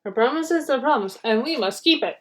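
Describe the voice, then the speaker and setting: Woman playing a storybook bus driver, male, firm, calm, steady, slightly lowered voice. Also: brisk.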